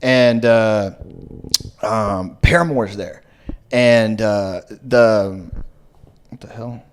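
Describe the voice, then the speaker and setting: A man's voice: on the low side, very slow, clean tone. A man hosting a casual comedy podcast, telling a rambling story full of fillers and swearing. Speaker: podcast host.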